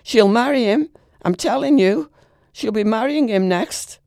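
A woman's voice: mid-range voice, lively intonation, normal speed, creaky, a little mellow, no room sound, clean studio sound, pitched above the performer's own voice. A woman voicing a fretful, possessive old grandfather who mutters and pleads bitterly. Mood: angry outburst.

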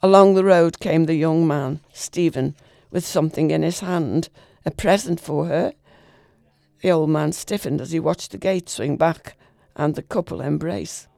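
A woman reading a literary short story aloud in a measured, expressive way. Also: low voice, creaky, no echo. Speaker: reader.

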